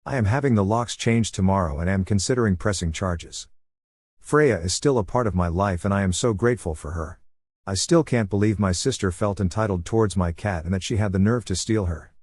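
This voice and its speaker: A man narrates a first-person story in a low, steady voice. His delivery is even and measured. The sound is dry and close, with no room around it. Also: breathy edge, no echo. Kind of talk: reading a Reddit story aloud.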